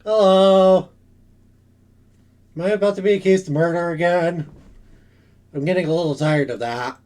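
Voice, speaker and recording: A man's voice: high-pitched, normal speed, darkish tone, close to an everyday voice. A man voicing a flustered, exasperated young male defendant, over game music.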